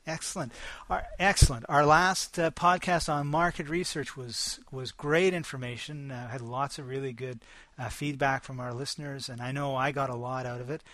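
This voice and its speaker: A man's voice: mid-range voice, steady tone, normal speed, fairly bright tone, no room sound. A man co-hosting a casual podcast, upbeat and friendly, asking his partner questions. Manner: friendly, upbeat interviewer with fillers. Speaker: podcast co-host.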